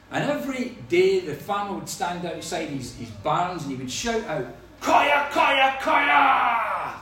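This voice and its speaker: A man's voice: a little high, slight background noise. A man preaching a sermon, telling stories with humor. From Scotland. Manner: lively storytelling with humor. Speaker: pastor. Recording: echoey hall from far off.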